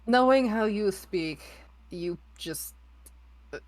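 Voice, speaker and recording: A woman's voice: mid-range voice, lively intonation, slow pace, dry recording. A woman playing a tabletop game, with blunt, teasing remarks. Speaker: player. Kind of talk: casual tabletop role-play.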